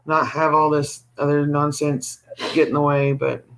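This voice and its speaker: A man with a fairly high voice co-hosts a casual livestream. He chats freely, tells little stories and teases his partner in an easygoing, talkative way. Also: flat delivery, unhurried, vocal fry. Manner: chatty, storytelling, teasing. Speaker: livestream co-host.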